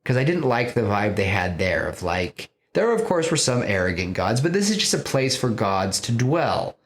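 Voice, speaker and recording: A man hosting a podcast, rambling through a film pitch in casual, filler-heavy storytelling. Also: sing-song, moderate pace. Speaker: podcast host.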